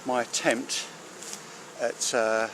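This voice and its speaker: A man's voice: medium pitch, flat delivery, slow, background noise. A man, a beekeeper giving rambling, filler-heavy commentary outdoors at a hive, recorded on camera. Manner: chatty, rambling with many fillers. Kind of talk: casual hands-on commentary. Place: outdoors beside a beehive. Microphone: handheld or mounted camera. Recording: buzzing bees clearly heard behind. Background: buzzing bees.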